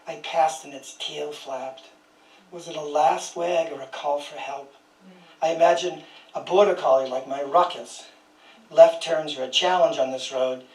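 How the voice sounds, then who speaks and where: A man in his sixties reading his own poems aloud as a guest poet, with dry humor and chuckling asides between pieces. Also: on the high side. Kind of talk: poetry reading with casual asides. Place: small historic house, indoors. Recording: roomy sound from a distant mic.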